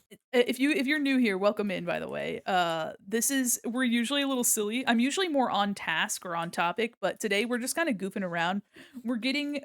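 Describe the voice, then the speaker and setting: A woman's voice: medium pitch, no echo. Woman streamer, casual and silly, laughs a lot, dry close mic. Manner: giggly, silly, rambling. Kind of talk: casual livestream chat while drawing.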